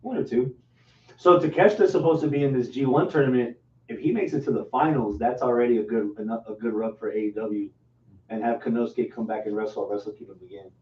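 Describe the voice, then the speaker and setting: Mellow-voiced man on a roomy podcast. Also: mid-range voice, fast talker. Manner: laid-back, asks the others questions. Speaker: podcast co-host. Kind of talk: casual wrestling chat. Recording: roomy, distant, dull with faint noise.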